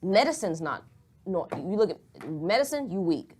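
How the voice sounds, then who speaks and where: Young woman, podcast co-host: lower register, frank, rambling, earnest, salty language. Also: sing-song, normal speed, a little mellow, slight background noise. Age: young adult. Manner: candid, rambling, earnest, swears freely. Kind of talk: casual podcast chat.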